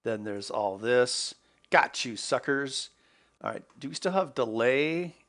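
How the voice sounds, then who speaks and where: A man's voice: medium pitch, animated, measured pace, fairly bright tone. A man hosting an electronics video, talking casually to himself as he works through a problem. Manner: muttering to himself while working. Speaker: electronics maker host. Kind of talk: casual work-along narration.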